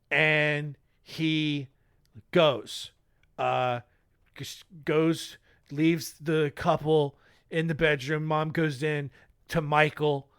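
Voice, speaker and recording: A male podcast host tells a story in a comic, rambling way and keeps cutting in on himself with jokes. His voice sits high and sounds bright. He talks at an unhurried pace. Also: clean tone. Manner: rambling, jokey, self-interrupting.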